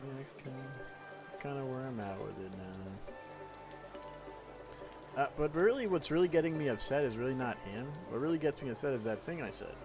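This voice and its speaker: A man's voice: medium pitch, expressive, normal speed, long pauses, music in the background. A man chatting casually on a gaming livestream, rambling, swearing and repeating himself. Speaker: gaming streamer.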